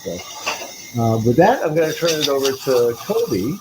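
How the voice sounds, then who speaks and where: Man hosting a podcast, jokey and easygoing, medium pitch, over a steady background hiss. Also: moderate pace. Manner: jokey and loose, laughs between takes. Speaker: podcast host. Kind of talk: casual podcast intro.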